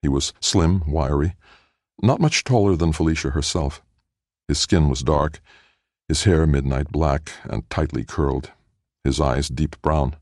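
A man narrating an audiobook in a measured storytelling manner. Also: rumbling low, darkish tone, no echo, clean studio sound.

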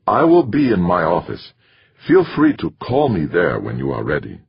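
A man with a husky voice voicing a reserved mission director who speaks in a stiff, clipped, formal manner, in a dull lo-fi recording. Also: low-pitched, huge pitch swings, normal speed, full character voice.

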